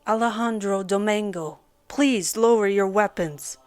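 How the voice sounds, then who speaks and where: Woman playing booming Mexican-accented giant mercenary. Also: unhurried, a little mellow, smooth, close to an everyday voice. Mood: commanding. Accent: thick Mexican accent. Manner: booming and formal. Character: booming giant male mercenary in wolf mask.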